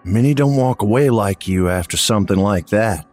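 A man's voice: on the low side, moderate pace, faint music behind, close to an everyday voice. A man doing a secretive paramedic. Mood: confiding. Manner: hushed, confiding. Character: nervous adult male paramedic, secretive.

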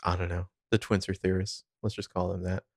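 A man's voice: low voice, level tone, brisk, vocal fry, no room sound. An American man co-hosting a podcast, laid-back with dry humor, often trailing off. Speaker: podcast co-host. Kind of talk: casual recap chat.

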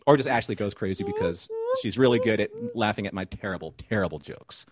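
A man's voice: fairly low pitch, lively intonation, fast. A man co-hosting a live podcast, chatting playfully and recapping an episode with puns and laughs. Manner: playful, jokey, laughs at his own puns. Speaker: podcast co-host.

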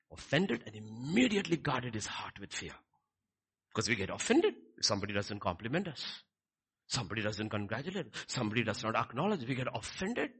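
A man preaching a sermon, swinging between quiet lines and loud, emphatic ones. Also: medium pitch, big pitch swings, fairly quick, slightly rough. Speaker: pastor.

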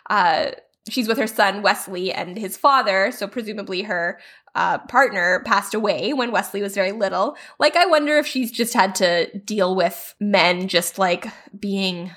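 A woman's voice: medium pitch, lively intonation, a little slow, fairly bright tone. A woman co-hosting a podcast, chatting casually about a TV episode with many fillers and laughs. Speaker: podcast co-host. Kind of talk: casual chat recapping a TV episode.

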